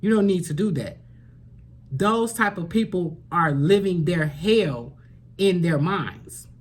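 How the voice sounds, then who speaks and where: A woman giving a spiritual tarot reading to camera, earnest and preachy. She repeats phrases for emphasis and sometimes drops to a soft near-whisper. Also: fairly low pitch, animated, takes it slowly, slightly rough. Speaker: tarot reader.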